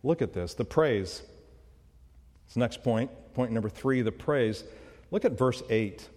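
A man's voice: mid-range voice, expressive, a little slow, darkish tone. A man preaching a sermon as a pastor, emphatic and full of rhetorical questions, in a church sanctuary. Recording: long hall reverb.

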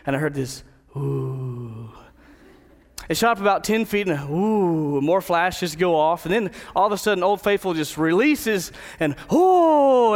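Earnest male preacher in a reverberant hall. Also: high voice. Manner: earnest, slows and stresses key words. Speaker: pastor. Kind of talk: sermon with a personal story.

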